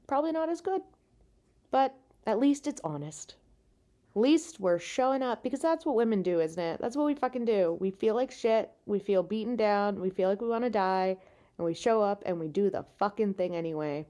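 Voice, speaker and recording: A woman's voice: medium pitch, expressive, normal speed, mellow. A tired woman hosting a podcast, venting frankly and with a lot of swearing while lying in bed with no proper microphone. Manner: frank, profane, self-deprecating venting. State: exhausted. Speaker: podcast host; stand-up comedian. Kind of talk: casual solo podcast monologue. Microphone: no podcast microphone, makeshift mic.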